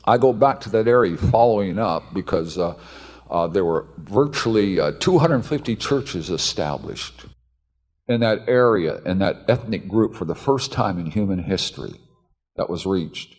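A man preaching a sermon, telling a story with animated delivery and sudden shouted outbursts. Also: low-pitched, normal speed. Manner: animated, acts out voices, bursts into shouts.

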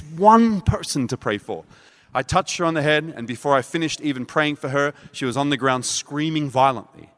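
A man preaching a sermon, telling a story in a lively way, acting out what people said and laughing at himself. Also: a little high. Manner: animated, acts out quotes, laughs at himself. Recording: long hall reverb.

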